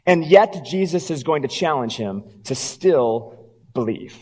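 A pastor preaching a sermon, telling the story and dropping low and quiet for emphasis. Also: male voice, expressive, unhurried, in a large hall.

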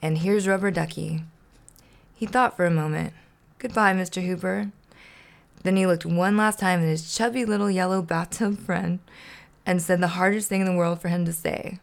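Woman host, playful storybook reader, slightly gravelly voice. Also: fairly low pitch, fairly even intonation, fairly quick. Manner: playful, laughs to herself. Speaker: podcast host. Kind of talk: reading a children's storybook aloud.

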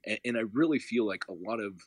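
A man in his thirties on a podcast, talking in an animated, slangy way and telling stories. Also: lowish voice, quick pace, husky, no room sound. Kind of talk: casual discussion.

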